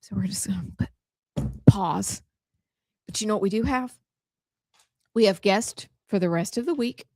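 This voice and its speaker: A woman's voice: mid-range voice, normal speed, long pauses, dark tone, no echo. Middle-aged woman host, playful casual banter, dry close studio sound. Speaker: show host. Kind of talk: casual chat.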